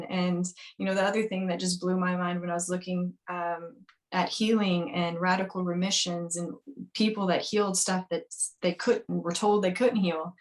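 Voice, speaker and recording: Woman, candid chat, lively, lots of fillers, lowish pitch. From grew up on a farm. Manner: animated, acts out quoted voices, frequent fillers. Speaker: naturopathic physician guest. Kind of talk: candid podcast conversation.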